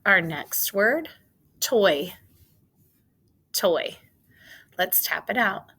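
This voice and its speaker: A woman teacher giving a phonics spelling lesson for young children, sounding out each word slowly and deliberately. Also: medium pitch, expressive, pushed and bright, breathy edge. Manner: slow, deliberate, sounding out words. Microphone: recorded for a video lesson.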